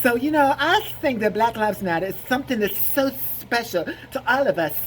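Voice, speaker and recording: A man's voice: extremely high pitch, lively intonation, fairly quick, a bit bright, slight background noise, pitched above the performer's own voice. A man imitating a flamboyant young man who lisps and gushes. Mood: gushing. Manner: lisping, gushing.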